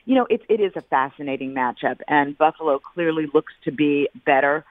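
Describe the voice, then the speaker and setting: A middle-aged woman, a football analyst calling in as a radio guest, speaking deliberately and repeating words for emphasis. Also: deep voice, animated, dry recording. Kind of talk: sports radio phone interview. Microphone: phone. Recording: tinny phone line.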